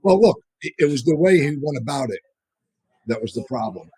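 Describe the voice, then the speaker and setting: Husky-voiced man telling street stories. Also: mid-range voice, lively intonation, fairly quick, a little mellow, no echo, poor audio. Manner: rambling, frequent restarts and asides. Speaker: podcast co-host and storyteller. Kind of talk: casual profane storytelling. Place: live audience show.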